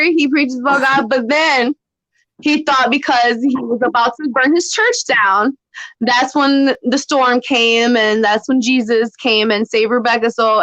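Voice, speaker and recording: A woman co-hosting a podcast, animated and full of rhetorical questions in casual chat about a TV show. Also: high voice, dry recording, poor audio. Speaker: podcast co-host. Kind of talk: casual TV discussion.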